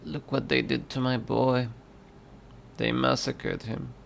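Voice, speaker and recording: A man putting on the voice of a slow, mumbling, aging male mafia boss. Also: medium pitch, little pitch movement, vocal fry, a little hiss or hum. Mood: brooding.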